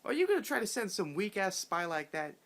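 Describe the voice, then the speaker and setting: A man's voice: high voice, very animated, a little fast, a bit bright, voice pushed up, exaggerated voice. Brief: man putting on a cocky, cursing manga villain boss, taunting and boastful. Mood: mocking, boastful. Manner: taunting, profane, slangy.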